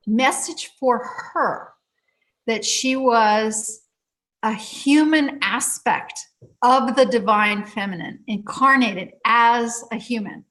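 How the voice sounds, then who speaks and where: A woman telling a story from one of her healing sessions in a casual talk, full of fillers, restarts and frequent laughter. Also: fairly high pitch. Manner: lively, many fillers and restarts, laughs often. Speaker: healing practitioner guest.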